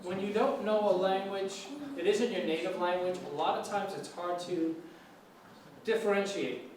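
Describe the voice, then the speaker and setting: A man's voice: high voice, normal speed. Chatty lecturer man, echoey distant room. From New York City. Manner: relaxed, chatty, many fillers and restarts. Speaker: guest lecturer on English. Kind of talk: informal classroom talk. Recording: echoey room, from afar, faint hiss.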